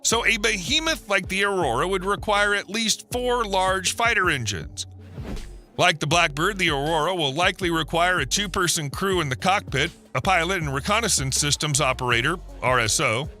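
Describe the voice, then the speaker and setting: Narrator, male, high and very bright voice, steady scripted read, faint music under. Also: normal speed. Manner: steady explanatory read with rhetorical questions. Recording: voice-over with faint music behind.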